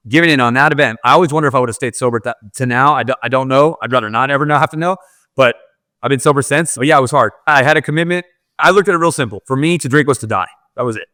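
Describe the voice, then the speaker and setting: A man's voice: mid-range voice, sharp tone, no echo, studio quality. A man, a podcast guest, telling a personal story in candid, casual talk full of "like" fillers.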